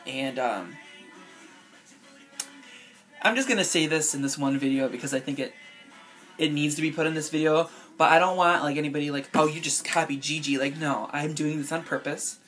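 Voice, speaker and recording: Young woman, casual vlogger, effusive fan gushing to camera, lower-pitched voice. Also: normal speed, long pauses, fairly bright tone, soft background music. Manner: gushing and effusive, heavy use of "like" and "girl". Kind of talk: casual direct-to-camera vlog.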